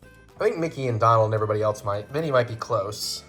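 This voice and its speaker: A man hosting a home vlog, joking and thinking out loud while he puts a toy together. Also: on the low side, fast talker, faint music behind. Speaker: vlog host. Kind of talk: casual chat while assembling a toy set.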